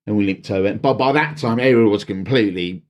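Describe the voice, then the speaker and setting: Man, lowish voice, animated storyteller, halting fillers. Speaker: podcast guest, wedding DJ. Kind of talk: casual chat, storytelling.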